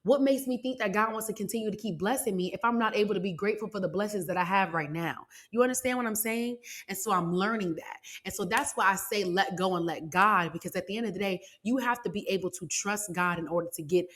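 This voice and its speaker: A woman's voice: medium pitch, fast talker, few pauses, a bit bright. A woman in her twenties hosting a podcast, talking earnestly and personally about faith and speaking straight to her listeners. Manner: earnest, conversational, addresses listeners directly. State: close to tears. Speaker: podcast host.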